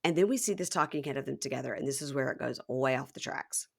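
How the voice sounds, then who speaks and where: A woman's voice: very deep voice, quick pace, creaky. A woman hosting a podcast, recapping a reality show in casual chat and acting out what the people said. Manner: animated, mimics people in quotes.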